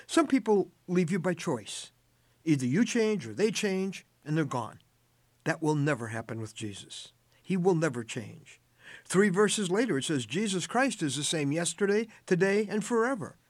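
A man's voice: high voice, no echo. An older man hosting a short radio devotional, telling a family story with earnest, tender emphasis.

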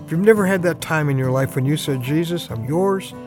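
Man, radio preacher, earnest, emphatic, dramatic pauses, fairly high voice, faint music behind. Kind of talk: short radio devotional.

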